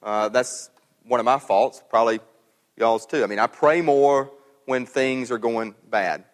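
A man's voice: medium pitch, unhurried. A man preaching a sermon as pastor, in a conversational way, often repeating words as he thinks aloud. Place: church sanctuary. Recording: long hall reverb.

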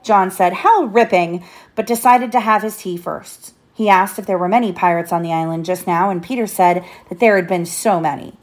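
A woman's voice: lowish voice, normal speed. A woman reading a children's storybook aloud to her child, lifting her voice for the characters' lines.

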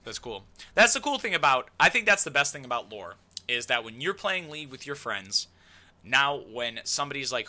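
A man hosting a casual podcast, talking in a loose, joking way full of fillers and playful asides. His voice is sharp and bright, and his pitch bounces around a lot. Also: expressive, brisk. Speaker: podcast host. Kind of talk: casual chat.

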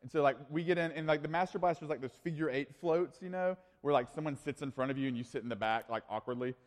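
Animated male youth pastor in echoing hall. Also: on the high side, quick pace. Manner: animated, casual storytelling with frequent fillers. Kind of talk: storytelling sermon.

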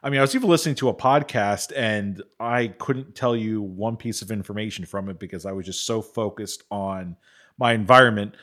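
A man's voice: lowish voice, fairly quick, a bit bright. A man co-hosting a podcast, telling a rambling story with plenty of "you know". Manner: chatty, rambling, many "you know" fillers. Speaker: podcast co-host. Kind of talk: casual chat.

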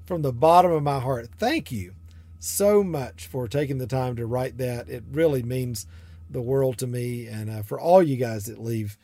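A man's voice: mid-range voice, normal speed, no room sound. A man from South Georgia with a Southern accent, hosting a podcast from his studio in a chatty, rambling way. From South Georgia, USA. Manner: warm, chatty, rambling with fillers and laughs. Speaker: podcast host and artist mentor. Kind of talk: casual podcast chat. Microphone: studio microphone.

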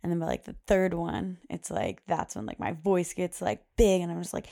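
A woman's voice: fairly low pitch, big pitch swings, normal speed, vocal fry, warm tone. A young woman hosting a parenting podcast, chatting casually and rambling with lots of fillers and little laughs. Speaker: podcast host. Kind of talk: casual chat.

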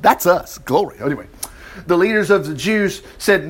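A man preaching a sermon, reading scripture and commenting with animated exclamations. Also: fairly high pitch, moderate pace. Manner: animated, exclaiming and chuckling between verses. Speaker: preacher teaching from the Bible.

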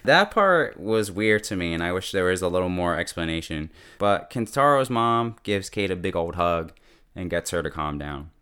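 A man's voice: sits low, moderate pace, fairly bright tone, smooth. A man giving a casual, chatty recap of a TV episode, full of fillers and laughter. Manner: chatty, lots of "like", laughs often. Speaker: show reviewer.

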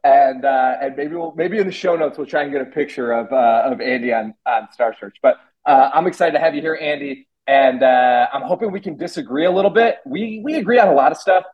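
A young man hosting a podcast. He is excitable and swears a lot, and his speech is full of fillers. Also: medium pitch, brisk, hardly any pauses, muffled recording. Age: young adult. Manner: excitable and profane, hedges with fillers. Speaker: podcast host. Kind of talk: casual podcast conversation.

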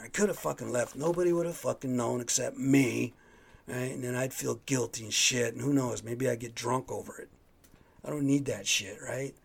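Guy ranting on his own podcast, swears a ton, raspy creaky voice. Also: mid-range voice. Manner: profane, rambling storytelling; worked up. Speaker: podcast host. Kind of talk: casual solo monologue.

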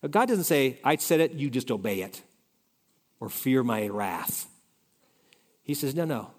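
A male pastor preaching a conversational sermon, shifting between loud emphasis and soft asides. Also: medium pitch, animated, measured pace. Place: church sanctuary. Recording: reverberant hall.

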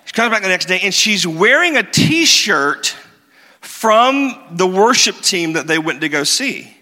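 A man preaching a sermon, animated and self-mocking, with emphatic repeats. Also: high voice, measured pace. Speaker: pastor. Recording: reverberant hall.

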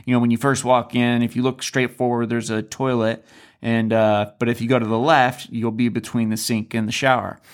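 A man's voice: mid-range voice, moderate pace. Man telling a story on a podcast. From Alaska. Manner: animated storyteller, acts out quoted lines. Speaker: podcast co-host. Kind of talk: casual storytelling chat.

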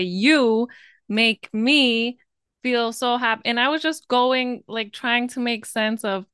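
A woman's voice: medium pitch, fairly bright tone, clean tone, no echo, studio quality. A woman co-hosting a podcast, chatting casually and laughing easily. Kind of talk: casual chat.

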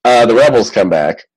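A man's voice: on the low side, creaky, darkish tone, breathy edge, poor audio. A man casually recapping a film's plot in a chatty, joking way, rambling and laughing often. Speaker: podcast co-host recapping a film. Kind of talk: casual chat.

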